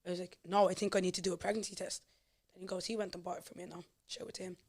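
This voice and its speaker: A woman guest on a podcast, talking in quick, chatty, matter-of-fact casual conversation. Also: on the low side, flat delivery, a little mellow, slightly rough.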